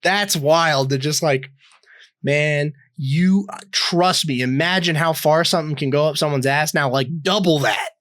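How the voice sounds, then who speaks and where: A man's voice: a little high, measured pace, fairly bright tone, no echo. Young male podcast co-host, loose rambling storyteller, swears freely, dry close sound. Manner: rambling, swears a lot, many fillers and restarts. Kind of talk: casual storytelling chat.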